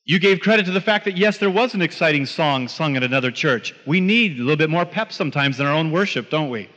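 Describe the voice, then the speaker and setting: A man's voice: a little high, animated, fast talker, a bit bright. A man preaching a sermon, telling a story with quoted dialogue and emphatic rises. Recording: dull lo-fi sound in a long-reverb hall.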